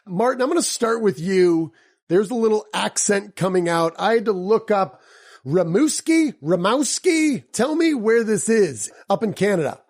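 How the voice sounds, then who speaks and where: A man's voice: high voice, animated, normal speed, a little mellow. A man hosting a podcast, reading an introduction and then chatting with guests in an upbeat, joking way. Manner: upbeat, joking, playful asides. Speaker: podcast host. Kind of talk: scripted intro, then casual interview chat.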